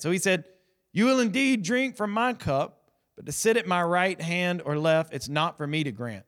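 A male pastor, preaching a sermon and telling the story in a lively, conversational way, acting out the voices of the people in it. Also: high-pitched. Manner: animated storytelling, acts out quoted voices; conversational, addresses the congregation directly.

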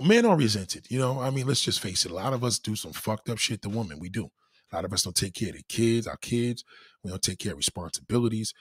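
A man holds forth to his live-stream chat, blunt, crude and full of swagger. His voice has a husky grain and swings up and down with plenty of life. It sounds close and dry, with no room around it. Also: lowish voice, a bit bright, no echo. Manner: blunt, profane, boastful. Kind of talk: casual live-stream monologue.

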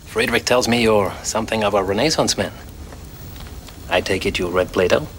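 A man's voice: fairly low pitch, moderate pace, close to an everyday voice. An actor playing an arrogant, confident male cameraman with a German accent and a bombastic, self-assured manner. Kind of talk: film drama acting. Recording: film clip with background noise.

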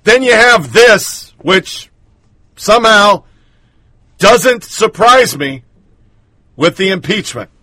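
A man hosts a political commentary segment, his voice sitting high and bright. The sound is very dry with no room at all. His delivery is punchy and sarcastic, with each line dropped like a verdict. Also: lively intonation, slow pace, pauses often, dry recording. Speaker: host. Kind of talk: opinion commentary reading headlines.

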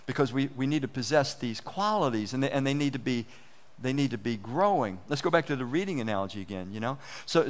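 A man giving a conversational, folksy sermon, acting out inner voices and often restarting his words. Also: medium pitch. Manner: animated, acts out inner voices. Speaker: preacher.

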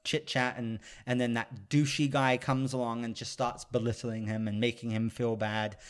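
Man, casual chat, animated storyteller, mid-range voice, swears freely. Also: medium pitch, moderate pace, smooth. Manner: animated, acts out film quotes, swears casually.

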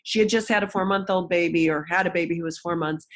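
A woman's voice: lowish voice, steady tone, quick pace. A woman guest in an interview, frankly telling a personal story and acting out the voices of people she quotes.

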